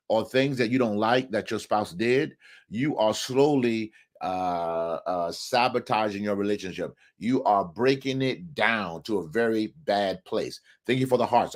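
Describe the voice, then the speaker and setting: A man hosting a live relationship show, talking emphatically and often asking the viewers questions. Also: medium pitch. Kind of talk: live talk on marriage, preacher-like.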